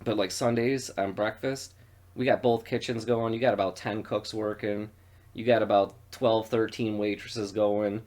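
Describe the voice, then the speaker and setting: A man from western New York co-hosting a podcast, telling profane stories in a loose, animated way. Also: lowish voice, moderate pace. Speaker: podcast co-host. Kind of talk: casual storytelling chat.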